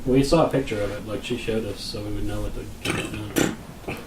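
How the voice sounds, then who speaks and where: A man co-hosting a podcast, telling a long casual story in a rambling way, often clearing his throat and laughing at his own tale. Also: lowish voice, fairly even intonation, brisk, roomy sound, far from the mic, slight background noise, rough recording. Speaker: podcast co-host.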